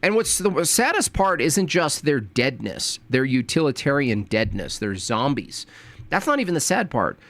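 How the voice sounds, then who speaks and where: A man hosting a reaction commentary, scornful and preachy, jumping from loud jabs to low mutters. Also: big pitch swings, normal speed. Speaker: commentary host.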